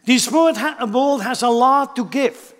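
A man's voice: very high-pitched, measured pace. A pastor preaching a sermon in an emphatic way, often putting rhetorical questions to his congregation. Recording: long hall reverb.

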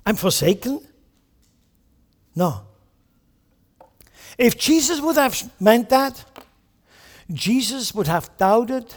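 Man, preacher, sermon, high-pitched, emphatic teaching, questions the congregation, long hall reverb. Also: lively intonation, takes it slowly, long pauses.

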